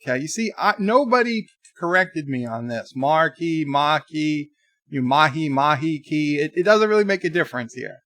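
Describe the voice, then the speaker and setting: A man's voice: on the high side, sing-song, brisk, hardly any pauses, a bit bright, no echo. A man hosting a livestream, reading viewer comments aloud in a chatty, exasperated way. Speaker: livestream host. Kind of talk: casual live chat reading comments.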